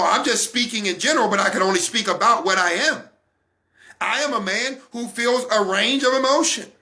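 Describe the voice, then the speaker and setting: A man in his forties hosting a weekly faith-based talk, speaking with fervor, repeating phrases for emphasis and rising to shouts. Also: high-pitched. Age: 40s. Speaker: host of a weekly online talk broadcast.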